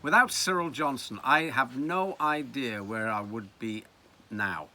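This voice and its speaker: A man in his seventies with a Liverpool accent, telling reminiscences in a wry, animated way. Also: mid-range voice, unhurried. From Liverpool, England. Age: 70s. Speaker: storyteller. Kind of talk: reminiscing narration.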